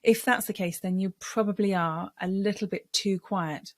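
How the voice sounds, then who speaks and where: A middle-aged woman voice coach giving a lesson on speaking, explaining clearly and measuredly. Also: mid-range voice, normal speed, no room sound.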